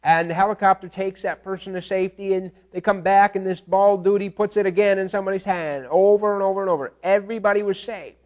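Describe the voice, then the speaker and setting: A man's voice: high-pitched, fast talker, few pauses. A man teaching a class in a casual lecture, telling stories with animation and often checking in with "okay?". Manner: animated storytelling, acts out screams and animal calls.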